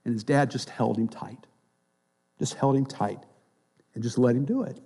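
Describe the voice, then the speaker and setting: A man preaching a sermon, swinging between quiet, near-whispered lines and loud, emphatic passages. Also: medium pitch, moderate pace, slightly rough.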